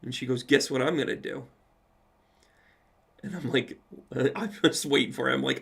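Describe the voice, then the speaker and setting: Speaking at a moderate pace with long pauses, a man who works as a psychic medium shares an extended personal story in a live Q&A. His mid-pitched voice is a bit gravelly, and he stays animated and casual, swearing now and then.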